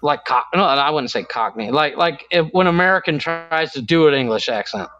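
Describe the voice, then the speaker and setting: Podcast co-host, man, slightly high voice, rambling casual chat, muffled lo-fi recording. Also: expressive, moderate pace, bright, forceful tone. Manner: rambling, searching for words.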